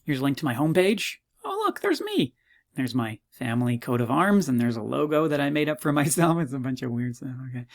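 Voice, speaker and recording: A man teaching a university psychology course, walking students through his course website in a chatty, self-mocking way, full of jokey asides and sudden jumps in pitch. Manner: quick, animated delivery with sudden pitch jumps. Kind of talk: recorded course walkthrough lecture.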